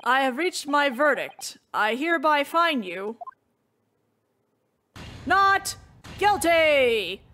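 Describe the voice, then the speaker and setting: A woman's voice: high-pitched, expressive, takes it slowly, long pauses, sharp tone, slight background noise, heavily acted. A woman voicing a formal older male judge in a game. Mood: solemn.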